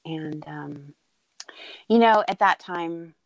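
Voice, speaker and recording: A middle-aged mother speaks in a slightly low voice, tender and halting, with many pauses and fillers as she tells a personal story. The sound is close and dry, with no room echo. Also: lo-fi sound. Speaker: mother telling her daughter's birth story. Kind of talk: casual heartfelt conversation.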